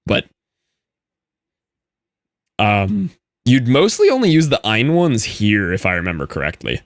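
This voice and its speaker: A man's voice: lowish voice, huge pitch swings, unhurried, no echo. A young American man chatting casually while gaming, explaining things loosely with lots of "like"s. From United States. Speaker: gaming streamer.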